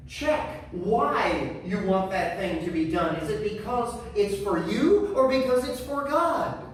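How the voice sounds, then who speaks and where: A fairly high-voiced man preaching slowly and deliberately, hammering home key phrases by repetition. His voice rings through a big echoing church and is picked up from a distance, with a faint hum of room sound behind. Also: expressive. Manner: emphatic, repeats key phrases. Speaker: pastor. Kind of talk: sermon. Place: church sanctuary. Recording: echoey church from far off.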